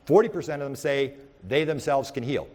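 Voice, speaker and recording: Male lecturer with an average pitch who tells rambling anecdotes in the present tense and often restarts. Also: fairly quick. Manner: rambling, with frequent restarts and repeated words; animated storyteller who speaks in the present tense. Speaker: UFO researcher giving a talk.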